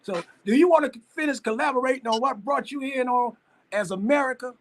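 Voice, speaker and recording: A man's voice: very high voice, a little fast, slight background noise. A man hosting a live stream interview over a video call, encouraging his guest and calling him brother. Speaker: interview host.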